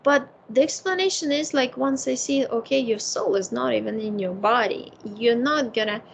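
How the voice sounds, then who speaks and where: A woman consultant talking casually, telling animated stories with many fillers. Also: a little high, moderate pace, vocal fry, a little hiss or hum, rough recording. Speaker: psychic consultant. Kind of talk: casual conversation.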